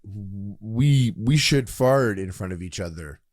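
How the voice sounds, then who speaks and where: A man co-hosting a casual podcast, telling stories with lively acted-out bits. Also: on the low side, measured pace, dry recording, clean studio sound. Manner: animated storyteller, acts out scenes. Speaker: podcast co-host.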